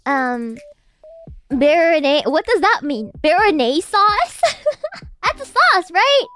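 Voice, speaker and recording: A woman with a very high, lively voice, giggly and given to sudden excited outbursts as she chats with her stream viewers. Her tone is bright and ringing, and she talks at an unhurried pace. Faint music plays underneath. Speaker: VTuber streamer. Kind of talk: casual livestream chat with viewers.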